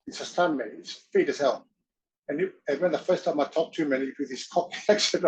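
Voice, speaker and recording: A man as an interview guest, telling stories in an animated way, often laughing and acting out voices. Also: a little high, quick pace, poor audio. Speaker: interview guest, wrestler and actor. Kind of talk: casual storytelling.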